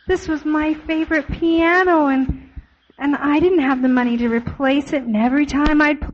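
A woman's voice: high-pitched, fairly even intonation, normal speed. A woman telling a children's sermon story, asking the children questions as she goes. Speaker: children's church teacher. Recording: dull lo-fi recording.

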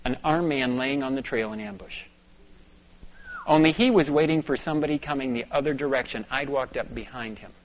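A male preacher telling a personal story in a sermon, dropping to a hush and rising to urgent bursts. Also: mid-range voice, fairly quick, a little hiss or hum. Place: church sanctuary. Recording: dull lo-fi sound.

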